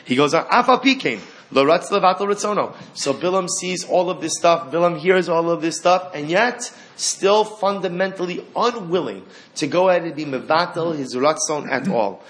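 A man teaching a Torah class, animated, asking rhetorical questions and acting out the lines of the story. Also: a little high, moderate pace, few pauses.

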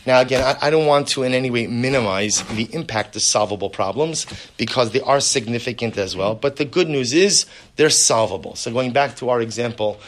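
A man's voice: mid-range voice, fairly quick. A man, likely a rabbi, giving a spoken lecture on marriage, earnest and fond of rhetorical questions and repeated words.

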